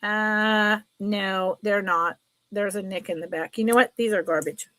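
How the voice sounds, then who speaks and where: Woman, middle-aged, chatty live-sale seller, slow-paced, dry close sound. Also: mid-range voice, no echo. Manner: chatty, animated storytelling. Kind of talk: casual live-sale chat.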